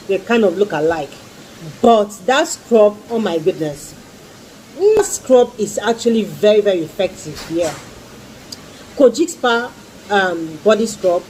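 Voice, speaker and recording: A woman's voice: mid-range voice, darkish tone, a little hiss or hum, rough recording. A woman reviewing skincare products in a casual vlog, gushing and repeating her exclamations and pleas. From Nigeria. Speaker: skincare vlogger.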